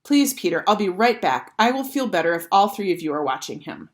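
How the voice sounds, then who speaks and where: A woman's voice: fairly low pitch, sing-song, a little fast. A woman reading as a hesitant, worried mom. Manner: gentle and hesitant. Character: worried caring mother of two boys. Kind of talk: children's book read-aloud.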